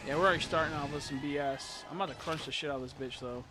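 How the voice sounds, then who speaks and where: A man streaming a video game live, muttering to himself as he plays, swearing a lot and breaking into frustrated shouts. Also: a little high, very fast, hardly any pauses, noisy background. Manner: mutters and talks to himself while playing. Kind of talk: live gameplay commentary.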